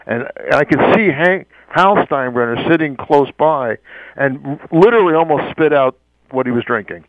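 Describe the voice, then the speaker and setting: A man telling a story in an interview, animated, acting out the voices of others and stammering as he goes. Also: a little high, moderate pace, no room sound, narrow, tinny audio. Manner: acts out quoted voices, stammers and laughs often. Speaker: interview guest.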